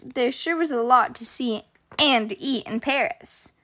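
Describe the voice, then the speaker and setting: Lady reading a kids story out loud, gentle and expressive, kinda high voice. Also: measured pace. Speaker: host, storyteller. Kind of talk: children's story read-aloud.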